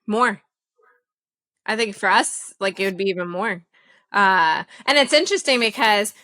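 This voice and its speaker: Bright, lively woman podcast co-host. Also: mid-range voice. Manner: lively, laughs often. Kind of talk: casual podcast chat.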